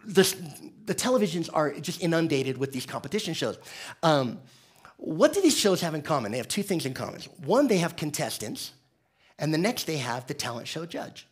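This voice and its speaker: American pastor guy preaching, chatty and jokey, bit high voice. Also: a little fast, slightly rough. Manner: conversational, joking, animated. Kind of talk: sermon.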